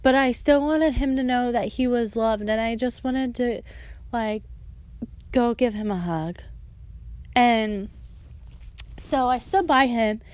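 A young woman tells her own story slowly and earnestly, her voice sitting a little high. She talks casually, stringing thoughts together with "like" and "and so". The recording is dry and close. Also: darkish tone, no echo. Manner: earnest and emotional, with frequent "like" and "and so". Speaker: storyteller sharing a personal testimony. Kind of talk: personal testimony, casual storytelling.

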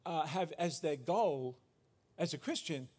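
A man's voice: a little high, animated, unhurried, a little mellow. A man preaching a sermon as pastor, earnest, often restarting and correcting himself.

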